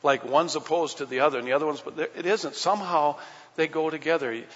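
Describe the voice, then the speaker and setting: A husky-voiced man delivers a sermon, preaching in a plain, folksy way and asking the congregation rhetorical questions. His voice rings out with a long reverb, as if in a large church sanctuary. The recording is dull and lo-fi. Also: on the high side, fast, a bit bright. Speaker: pastor.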